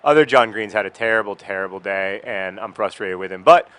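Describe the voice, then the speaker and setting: This video blogger's voice sits lowish, with a fairly bright tone and a slightly fast pace. Playing a video game, he rambles casually about his past and keeps interrupting himself to vent his frustration at the game.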